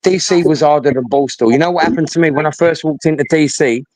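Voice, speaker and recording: A man's voice: fairly high pitch, quick pace, darkish tone, low-quality recording. A middle-aged man, telling a story in casual chat, blunt and sweary, often repeating himself.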